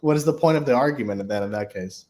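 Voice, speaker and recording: A man with an ordinary mid-range voice chats about sports, agreeing with his co-host and cursing freely. He laughs along easily in a relaxed, casual way. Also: mid-range voice, fast.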